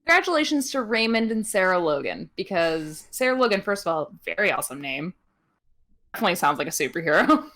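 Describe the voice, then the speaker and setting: Talking fast in a lowish voice, a young podcast co-host casually runs through a wrestling recap, with plenty of ums, giggles, and animated voices for quotes.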